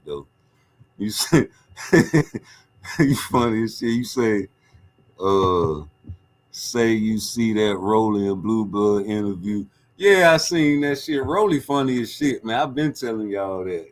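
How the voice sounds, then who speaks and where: A man hosting a boxing livestream, reading viewer chat and trading profane, joking banter in animated, casual commentary. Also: fairly low pitch.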